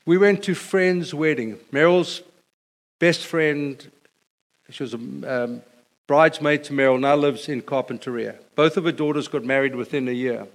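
Middle-aged male pastor, sermon delivery, animated storyteller who builds to a refrain, voice a touch high. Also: normal speed.

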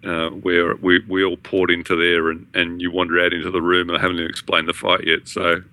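Deep gravelly male podcast co-host, laid-back storyteller, dry close sound. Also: completely flat delivery, fairly quick, bright, forceful tone, no room sound. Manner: laid-back, tells stories with laughs. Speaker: podcast co-host, raid leader. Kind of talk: casual chat.

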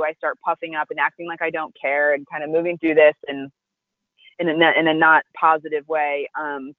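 A woman, a restaurant founder, telling a personal story in an interview, animated and acting out the voices of the people she quotes. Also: low-pitched, no echo, phone-quality sound. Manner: conversational, with frequent "like" and restarts.

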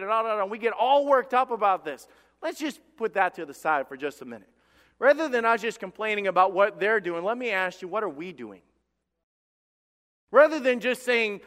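A man's voice: sits high, normal speed, fairly bright tone. A man preaching a sermon as pastor, passionate and emphatic, often repeating words as he builds. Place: church sanctuary. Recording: long church reverb.

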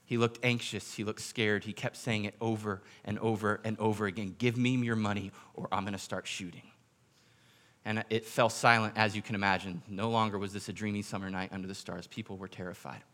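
A man, a pastor giving a sermon, retelling a story in a storytelling manner, going quiet for quoted lines and slowing down for emphasis. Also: lowish voice, little pitch movement. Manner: drops quiet for quoted speech, slows for emphasis.

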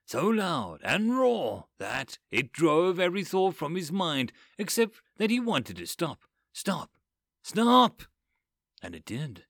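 A man reads a story aloud with a lively, expressive rise and fall in his voice. His pitch sits a little above average, and he leans into the drama of each scene. The recording is close and dry. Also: no room sound. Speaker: narrator. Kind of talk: storybook narration.

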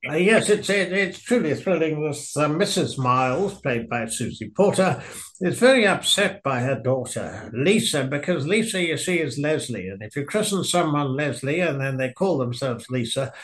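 A man's voice: fairly high pitch, animated, normal speed, a bit bright. A man reviewing a film in casual chat, wry and rambling, with frequent hesitations.

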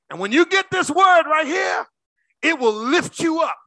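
Man, preacher, sermon, very animated pitch, shouts and hushes, calls to the congregation. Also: moderate pace, no echo.

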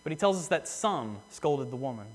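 A man preaching a sermon in earnest, repeating phrases for emphasis and slowing down on key words. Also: fairly high pitch, very animated. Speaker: pastor. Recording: long hall reverb.

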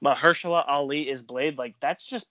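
A man's voice: on the high side, normal speed, bright, forceful tone, dry recording. A man co-hosting a podcast, talking in a laid-back way that sometimes gets tongue-tied. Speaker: podcast co-host. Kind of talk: casual chat.

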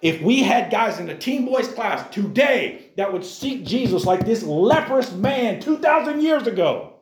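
A man's voice: sits high, animated, a little slow, soft background music. Emphatic male Bible teacher, echoey room. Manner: emphatic, keeps addressing the listeners as guys. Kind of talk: Bible lesson sermon.

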